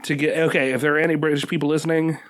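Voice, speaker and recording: A man's voice: a little high, level tone, rapid-fire, fairly bright tone. A man with an American accent co-hosting a casual podcast, chatty and laughing easily. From United States. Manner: chatty, laughing, does silly mock voices. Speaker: podcast co-host. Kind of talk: casual chat.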